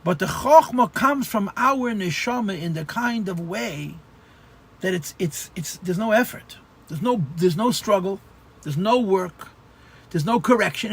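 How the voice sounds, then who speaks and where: Man, rabbi, Torah class, high voice, husky, explanatory, restarts words. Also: a bit bright. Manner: explanatory, repeats phrases, stammers restarts. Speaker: rabbi teaching Chassidus.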